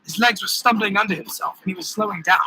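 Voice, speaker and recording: A man's voice: high voice, fast, pushed and bright, slightly rough, soft background music, poor audio. A man narrating his own pirate adventure audiobook in the first person, telling the action vividly. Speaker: author reading his own novel.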